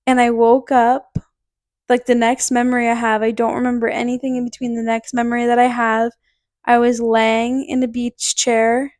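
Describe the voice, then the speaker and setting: A woman's voice: a little high, no echo, studio quality. A young woman from Connecticut hosting a podcast, telling a personal story in a chatty way, with lots of "like" fillers and laughter. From Connecticut, USA. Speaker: podcast host. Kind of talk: casual storytelling.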